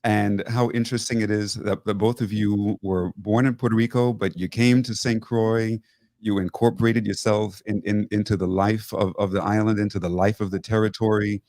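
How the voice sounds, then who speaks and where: Male host in his 50s, lowish voice, halting, repetitive delivery, dry close sound. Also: fairly even intonation, no echo. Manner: warm, repetitive phrasing with many restarts. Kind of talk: television interview.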